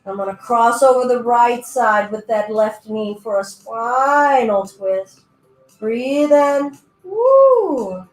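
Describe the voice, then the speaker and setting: A fairly high-voiced woman leads a yoga class in an echoey room, soft music playing faintly behind her. She talks casually and playfully, cueing stretches and giving her breath and hips little voices of their own. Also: slow. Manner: playful, chatty, voices her body parts in little asides. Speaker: yoga teacher. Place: indoor room, virtual class.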